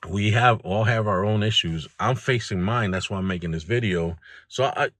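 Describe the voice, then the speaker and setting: A man's voice: fairly low pitch, normal speed, fairly bright tone. A man hosting a self-improvement video, talking bluntly and candidly about his own struggles and speaking straight to the viewer. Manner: blunt, plain-spoken, addresses the viewer directly. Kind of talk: candid motivational monologue.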